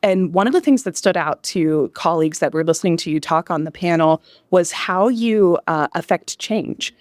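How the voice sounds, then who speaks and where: A woman's voice: fairly low pitch, animated, normal speed, darkish tone, no room sound, clean studio sound. A woman with a Northern US accent hosting a live podcast interview at a conference, upbeat and chatty with self-deprecating asides. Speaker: podcast host. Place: conference venue.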